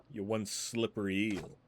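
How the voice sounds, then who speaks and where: A man's voice: lowish voice, slight background noise, voice pushed down. Majima, a brash street tough, read by a man. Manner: coarse slang. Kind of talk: reading game dialogue aloud.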